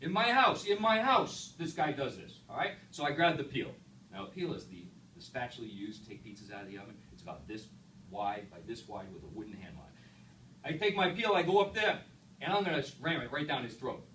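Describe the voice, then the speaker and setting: Man putting on a hot-tempered New York pizza owner, New York accent, loud ranting, distant mic, noisy background. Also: medium pitch, expressive, fast talker, natural voice. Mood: indignant. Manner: loud, ranting, stubborn, repeats himself. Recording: echoey room, far mic, background noise.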